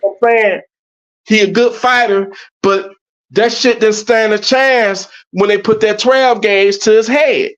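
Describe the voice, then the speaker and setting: A man's voice: high voice, steady tone, measured pace, fairly bright tone. A man talking as a podcast guest, telling a story in an emphatic, profane way. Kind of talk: casual podcast conversation. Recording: dull lo-fi audio.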